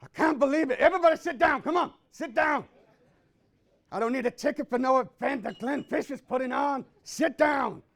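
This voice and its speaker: A man playing a brash, self-obsessed male copywriting guru in a live stand-up character bit, loudly bossing and bragging to the audience. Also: very high voice, animated, moderate pace, gravelly, full character voice. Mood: mock outrage. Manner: loud, boastful, bossy with audience. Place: live audience event indoors.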